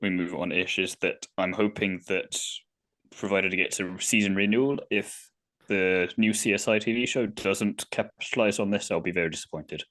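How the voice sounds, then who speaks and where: A man's voice: deep voice, steady tone, moderate pace, fairly bright tone. A man co-hosting a podcast, chatting casually in a wry, joking way. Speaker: podcast co-host. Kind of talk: casual chat.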